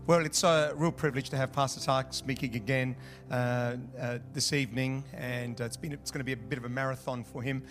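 A man introducing the guest preacher at a church service, halting with many fillers. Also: mid-range voice, steady tone, fairly bright tone, soft background music. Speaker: church host introducing the speaker.

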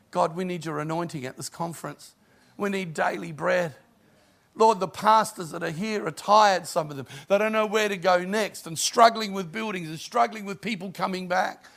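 Middle-aged male pastor, slightly high, gravelly voice, sermon with storytelling. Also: moderate pace, a bit bright. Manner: preaching with rising emphasis and storytelling.

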